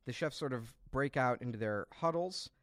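Smooth-voiced man hosting a podcast. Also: mid-range voice, expressive, moderate pace, fairly bright tone, no room sound, clean studio sound. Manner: enthusiastic, lots of "uh" fillers. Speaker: podcast host. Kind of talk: casual podcast recap.

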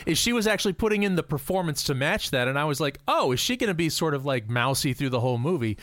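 A man's voice: on the high side, lively intonation, fast talker, a bit bright. A man co-hosting a podcast, chatting casually about a movie, musing and trailing off with fillers as he thinks aloud. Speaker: podcast co-host. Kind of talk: casual movie review chat.

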